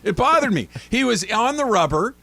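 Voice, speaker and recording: A middle-aged man hosting a sports talk radio show, telling animated stories and acting out loud shouts. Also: very high voice, moderate pace, creaky, slightly rough. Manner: animated storytelling, mimics shouts. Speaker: radio host.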